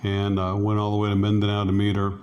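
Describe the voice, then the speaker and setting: A man's voice: on the low side, completely flat delivery, quick pace, darkish tone. A middle-aged man casually telling a rambling personal story, full of fillers and acted-out quotes. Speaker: interview guest, expat.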